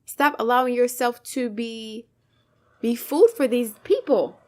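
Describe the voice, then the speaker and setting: A woman with a fairly high voice delivers fervent commentary straight to her viewers. She lectures with heavy emphasis, stacks up rhetorical questions and drops curse words along the way. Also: measured pace, a little mellow. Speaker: channel host, commentator. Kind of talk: impassioned commentary monologue.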